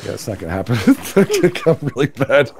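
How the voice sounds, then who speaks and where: A jokey male streamer chatting through a co-op game, laughing often and talking to his viewers. His pitch swings widely. A steady background noise sits under the voice. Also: fast. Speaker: streamer and co-op player. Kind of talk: casual gaming chat.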